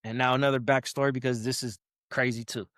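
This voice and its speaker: A man's voice: mid-range voice, quick pace, no echo, clean studio sound. A young man, a podcast guest, telling a story in casual chat and acting out what people said to him. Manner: animated, acts out quotes in raised voices.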